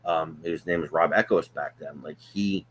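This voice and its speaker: A man's voice: a bass voice, moderate pace, crowd noise. A man with a New Jersey accent, a former wrestling promoter co-hosting a casual chat show, rambling through stories with lots of fillers. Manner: rambling storyteller, frequent fillers. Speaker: wrestling promoter and podcast co-host.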